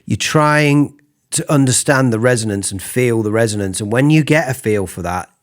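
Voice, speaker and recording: A man giving a casual singing lesson, explaining vocal technique between falsetto sung examples. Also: lively intonation, moderate pace. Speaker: singing teacher.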